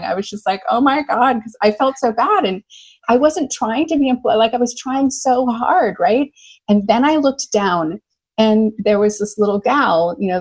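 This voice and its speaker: A woman's voice: a little high, poor audio. An American woman, a love coach, talking enthusiastically in a casual interview. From United States. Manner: enthusiastic, animated storyteller.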